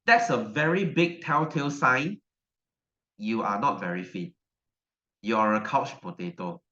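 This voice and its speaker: A man's voice: fairly low pitch, animated, a little slow, pushed and bright. Chatty male teacher, echoey dull audio. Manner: repetitive questioning, chatty. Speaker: science teacher. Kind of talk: online class lecture. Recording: dull, roomy echo.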